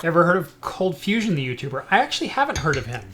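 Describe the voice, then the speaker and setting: A man's voice: on the high side, fast. A man hosting a casual tech podcast, easygoing, often restarting his sentences. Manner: relaxed, easygoing, stumbles into restarts. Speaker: tech show host. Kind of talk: casual chat.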